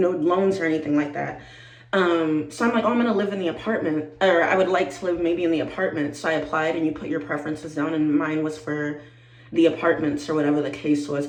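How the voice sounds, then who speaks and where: A woman in her twenties chatting to camera, animated and talkative, calling her viewers y'all and growing teary-eyed. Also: lowish voice, reverberant, poor audio. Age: 20s. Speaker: vlogger. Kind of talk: casual chat to camera.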